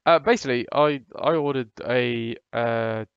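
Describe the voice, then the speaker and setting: A man's voice: mid-range voice, a little slow, gravelly, clear, resonant tone, dry recording, muffled recording. Laid-back chatty male streamer. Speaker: live streamer. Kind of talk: casual live-stream chat. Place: hotel room.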